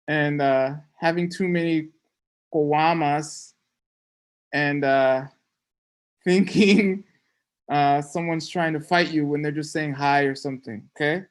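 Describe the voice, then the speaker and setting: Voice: mid-range voice, fairly even intonation, slow pace, long pauses. Playful joking teacher checking in often. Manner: playful, joking, frequent "okay?" check-ins. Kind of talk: casual online class lecture.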